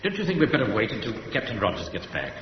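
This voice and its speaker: An actor playing a pompous, self-important middle-aged captain in a radio sitcom. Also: male voice, fairly low pitch, very animated, fast talker. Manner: pompous, brusque. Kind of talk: 1970s radio sitcom acting. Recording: echoey hall, dull radio recording, loud hiss.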